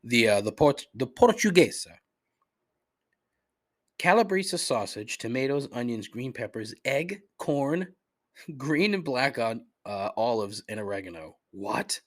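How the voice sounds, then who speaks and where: Profane, ranting husky-voiced man. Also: medium pitch, expressive, a little slow. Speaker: podcast host. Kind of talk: solo comedic complaint podcast.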